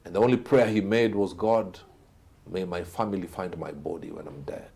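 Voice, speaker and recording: A low, husky-voiced man tells a motivational story. His delivery is dramatic, swinging from loud, pressing lines to hushed asides. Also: moderate pace. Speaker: guest speaker.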